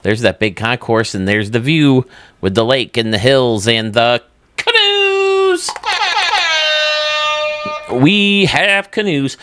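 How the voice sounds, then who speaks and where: A man's voice: fairly low pitch, moderate pace, fairly bright tone, a little hiss or hum. A man hosting his own channel, chatting casually and enthusiastically while touring video game stadiums, often laughing at himself. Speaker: YouTube host.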